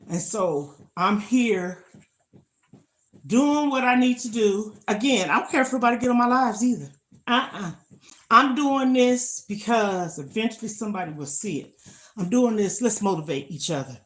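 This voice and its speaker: A woman's voice: mid-range voice, moderate pace. An older woman chatting casually on a live stream while she exercises, talking in an emphatic, motivational way into a phone. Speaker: lifestyle vlogger.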